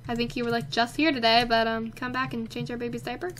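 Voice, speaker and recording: A young woman hosting a casual let's play, chatty and excitable, talking to the characters on screen. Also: a little high, fast talker, slight background noise. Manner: chatty, excitable, talks to her game characters. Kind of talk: casual game commentary.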